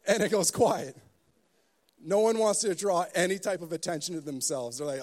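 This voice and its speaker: A pastor preaching a sermon, telling stories with joking asides and building emphasis. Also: male voice, sits high, moderate pace, darkish tone.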